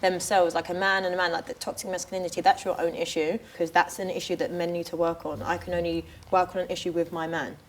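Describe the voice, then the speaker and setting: A woman's voice: lowish voice, level tone, quick pace, few pauses. Earnest woman, faint room hum. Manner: earnest, argues her point with "like". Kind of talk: casual chat.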